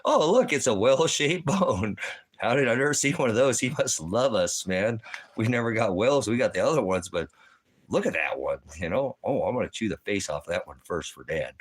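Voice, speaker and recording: A man voicing his eager male pet dog, excited and doting. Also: on the low side, moderate pace, breathy edge, voice pushed up.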